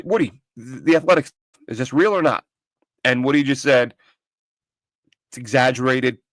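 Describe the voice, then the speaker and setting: A man's voice: medium pitch, a bit bright, no echo. A man hosting a casual sports talk show from home, opinionated and rambling, with frequent restarts. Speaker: podcast host. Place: home studio with his dog nearby.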